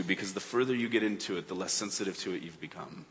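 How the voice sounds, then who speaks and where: A man preaching a sermon in a church, earnest, swinging between urgent emphasis and hushed tones. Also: deep voice, fast talker, hardly any pauses. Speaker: pastor. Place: church sanctuary. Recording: long reverb of a church hall.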